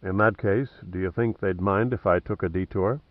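A man reading an audiobook plays a wry, cocky male adventurer who stays cool under threat, mocking and deliberate. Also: low-pitched, no room sound, phone-quality sound, close to an everyday voice.

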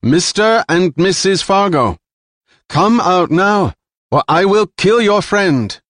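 A man's voice: fairly high pitch, animated, takes it slowly, no room sound, studio quality, pitched above the performer's own voice. A male narrator voicing a ruthless, commanding female villain who threatens and gives orders. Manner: imperious, threatening.

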